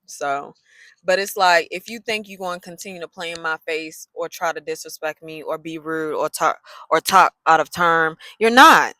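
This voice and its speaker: A woman, telling a story in a casual vlog, sassy and animated. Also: low-pitched, moderate pace, no echo, poor audio. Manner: animated, sassy, loose colloquial talk.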